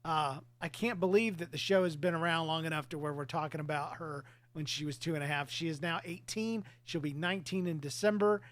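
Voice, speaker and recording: A man's voice: a little high, a little fast. A man in his forties, a podcast host, talking candidly about family in casual chat, laughing between thoughts.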